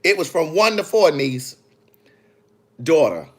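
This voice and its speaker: A man's voice: fairly high pitch, slow. Sassy man chatting on a livestream. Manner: sassy, animated, talks straight to viewers. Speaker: author hosting a live video. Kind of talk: casual livestream chat. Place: in the city after a book event.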